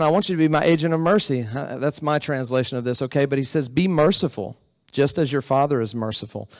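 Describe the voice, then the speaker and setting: A male pastor with a fairly high voice preaches in a church sanctuary, keeping it conversational and posing questions to the congregation. There's no echo, and the audio is studio quality.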